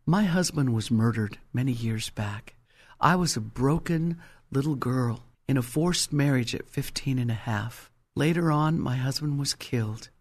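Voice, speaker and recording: A woman's voice: a bass voice, unhurried, a little mellow. An older woman giving a personal faith testimony, telling her story emphatically and acting out the quotes. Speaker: Christian testimony speaker.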